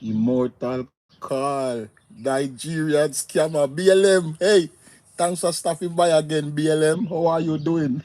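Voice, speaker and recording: Laid-back Jamaican man, slow and mellow. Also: on the high side. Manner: loose, laughing, greets viewers by name. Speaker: livestream host. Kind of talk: casual live chat reading viewer comments.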